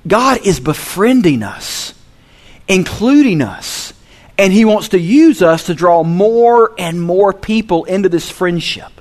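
A man preaches with a lively, high-pitched voice. He drops into quiet, low asides, then climbs to loud, emphatic peaks. His delivery is that of a pastor addressing his congregation. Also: takes it slowly. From Southern US. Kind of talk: sermon.

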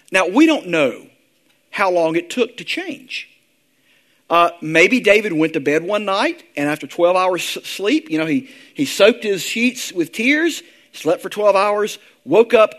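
High-voiced man preaching a sermon. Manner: earnest, slows down and softens when reading prayers. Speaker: pastor.

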